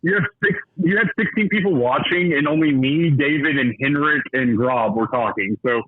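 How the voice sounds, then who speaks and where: Husky man on a tinny phone line. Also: on the high side, moderate pace, no room sound. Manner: laid-back, profane, rambling. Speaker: caller. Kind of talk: casual chat.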